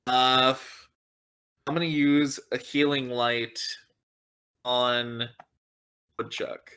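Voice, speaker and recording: A man at a tabletop game, speaking slowly and carefully. His voice is bright and a little tense as he checks rules and rolls. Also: medium pitch, steady tone, smooth. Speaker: player.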